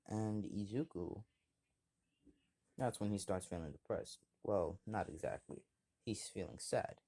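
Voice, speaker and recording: A man's voice: fairly low pitch, a little slow, dark tone. A man casually retelling a fan story, rambling with fillers and repeating himself.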